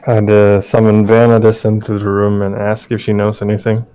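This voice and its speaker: A man's voice: lowish voice, monotone, normal speed, warm tone, smooth, soft background music. A man playing in a tabletop game who talks hesitantly with many fillers. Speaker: player.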